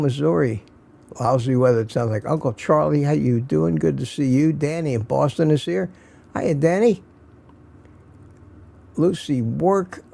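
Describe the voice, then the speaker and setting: Gravelly older man hosting a live chat. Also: a little high, mellow. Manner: reads viewer names and comments aloud, folksy. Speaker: livestream host. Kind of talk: casual livestream chat greeting viewers.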